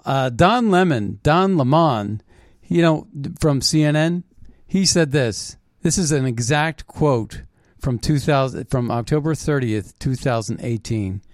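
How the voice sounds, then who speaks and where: A man's voice: fairly high pitch, dry recording, studio quality. Rambling, scoffing male podcast co-host. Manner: rambling, many fillers and restarts, scoffing. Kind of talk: casual chat.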